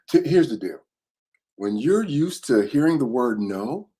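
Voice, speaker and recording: A man's voice: mid-range voice, dark tone, husky. A man giving a motivational talk, telling a personal story in an emphatic way and repeating his key points. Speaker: motivational speaker.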